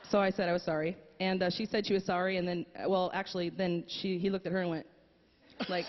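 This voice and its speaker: Woman, low voice, eulogy, dull recording with long hall echo. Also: flat delivery, a little hiss or hum. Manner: warm storytelling with pauses and fillers. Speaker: memorial speaker. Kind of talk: heartfelt eulogy and poem reading.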